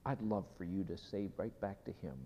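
A man preaching a sermon, telling a personal story slowly and dropping at times to a hushed whisper before leading a prayer. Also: deep voice, steady tone, slight background noise. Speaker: pastor. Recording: dull sound in a hall with long reverb.

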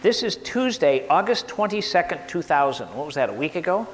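Animated man lecturing in a hall. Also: fairly high pitch, a little fast, a little hiss or hum. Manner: lively, worked-up, asks the audience questions. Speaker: speaker at a live talk.

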